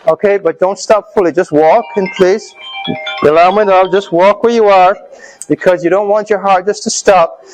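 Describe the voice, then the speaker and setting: A man's voice: sits high, fairly even intonation, normal speed, soft background music, poor audio. A man leading a live health seminar, coaching his audience through an exercise and checking in with them as he goes. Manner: coaching, urging the audience on loudly. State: out of breath. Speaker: health speaker leading a workshop.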